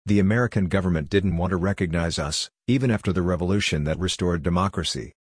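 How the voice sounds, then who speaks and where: A man voicing a calm, coldly logical android envoy who speaks in a level, matter-of-fact way. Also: deep voice, fast, slightly rough, no room sound, studio quality. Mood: explaining.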